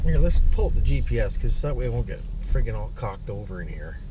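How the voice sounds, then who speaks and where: A man's voice: medium pitch, sing-song, fast talker. A man talking casually to his viewers while driving, folksy and chatty, ending lines with "eh" and "boys". He films on a handheld camera from the car. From Canada. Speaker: vlogger. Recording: noisy car and street sound. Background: car and outdoor noise.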